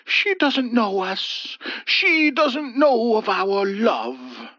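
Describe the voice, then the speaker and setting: A man voicing a gentle, doting old husband who is stubborn, with a soft cooing manner. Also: very high voice, very animated, slow pace, dry recording, pitched above the performer's own voice, heavily acted. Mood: tender. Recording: dull dry lo-fi voice.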